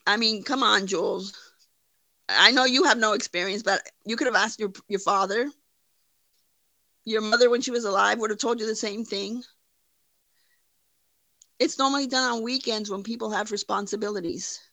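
A woman's voice: mid-range voice, moderate pace, long pauses, sharp tone, dry recording. A woman hosting a livestream, giving blunt, profane, mocking commentary. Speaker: livestream host. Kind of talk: casual commentary.

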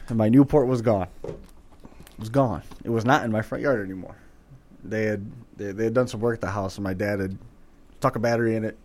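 A man telling a story in casual chat, with a dry, deadpan delivery. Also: fairly low pitch.

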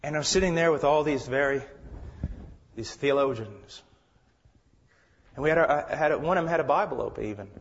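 A man preaching a sermon with passion, swinging between shouted lines and hushed, quiet ones. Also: a little high, a little fast, pauses often. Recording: dull lo-fi sound with long hall reverb.

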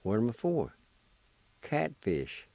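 A man hosting a radio language lesson, spelling each word letter by letter and then pronouncing it slowly and patiently. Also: mid-range voice, huge pitch swings, gravelly, warm tone, no room sound. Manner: encouraging. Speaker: language teacher and radio host.

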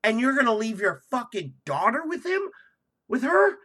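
A man co-hosting a casual comedy podcast, swearing freely as he tells the story. His voice is husky yet bright, and it swings lively up and down. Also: very high voice, moderate pace. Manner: profane, loud and animated storytelling. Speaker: podcast co-host.

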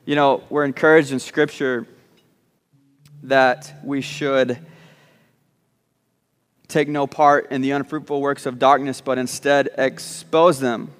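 A man's voice: mid-range voice, level tone, slow, long pauses, clear, resonant tone, long reverb tail. A man preaching a sermon, repeating words as he starts sentences and slipping in joking asides. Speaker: pastor. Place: church sanctuary.

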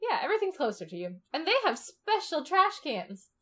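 A woman's voice: high voice, sing-song, brisk. A woman co-hosting a podcast in casual chat, bubbly and chatty with lots of filler words. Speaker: podcast co-host.

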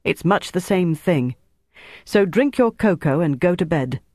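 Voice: mid-range voice, lively intonation, unhurried, darkish tone, dry recording, studio quality. An audiobook reader voicing a commanding young woman who leads a wartime team, firm and impatient. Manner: firm and bossy.

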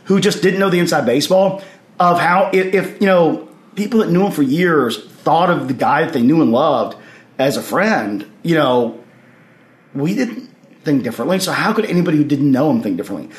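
A man telling anecdotes as a podcast guest in a lively way, acting out what others said and laughing along. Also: a little high, a little fast. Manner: animated anecdotes, acts out others' lines, laughs while telling. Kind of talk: storytelling in casual conversation. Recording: roomy echo.

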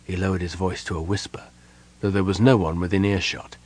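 A man reading fantasy fiction aloud as an audiobook narrator, measured and expressive. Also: low voice.

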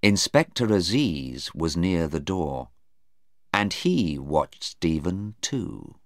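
Man, storybook narrator, very slow, swooping pitch, dry close sound. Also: dry recording. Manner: slow, careful reading with lively pitch. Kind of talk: scripted narration of a graded reader.

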